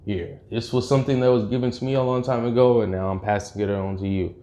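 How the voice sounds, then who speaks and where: A man voicing a stern, weary woman fighter who mentors a boy, speaking low and subdued. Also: steady tone, fast talker, mellow, lightly acted.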